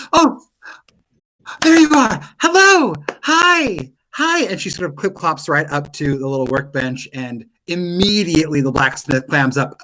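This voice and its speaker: A man runs a tabletop game, narrating scenes in an easygoing way with fillers. His voice sits at a middle pitch and sounds unhurried. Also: low-quality recording. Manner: relaxed storytelling with fillers. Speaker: game master.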